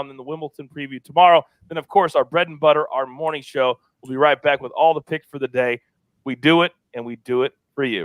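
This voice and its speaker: A man hosting a sports betting show, loud and energetic as he wraps up and plugs the show. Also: a little high, fast, no echo. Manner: loud and energetic, plugging and wrapping up. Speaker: host.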